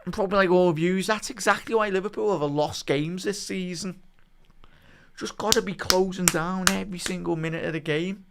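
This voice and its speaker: With a creaky voice at a moderate pace, a man talks to his chat while watching football live, moving between quiet grumbling and furious yelling at the referee. A little hiss or hum runs under the recording.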